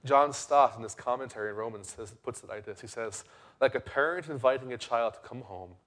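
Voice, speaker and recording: A young adult man, a pastor preaching a sermon in an earnest way, rising to loud emphasis and dropping to quiet intensity. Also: mid-range voice, fairly quick.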